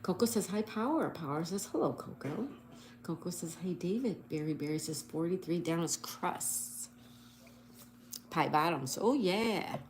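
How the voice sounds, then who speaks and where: A female livestream host cheerfully spells words out letter by letter and reads viewer comments aloud in a casual stream. Her voice is lowish, animated, unhurried, and darkish, with slight background noise.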